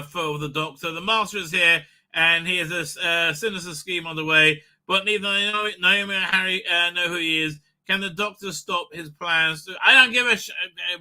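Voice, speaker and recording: A man's voice: high voice, pushed and bright. A man hosting a live stream, rambling and ranting with lots of swearing and filler words. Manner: profane, ranting, many fillers. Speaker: livestream host.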